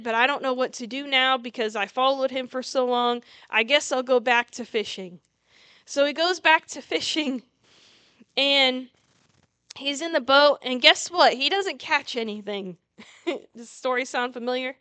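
High, bright-voiced woman preaching casually. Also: smooth, no echo. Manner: earnest storytelling with many restarts. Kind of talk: casual sermon.

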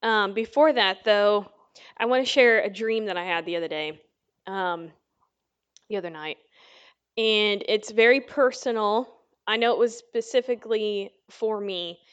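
Woman Bible teacher, relaxed sermon, chatty storyteller, clear smooth tone, a bit lo-fi. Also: medium pitch. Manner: chatty storytelling with many fillers. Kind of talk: casual conversational sermon.

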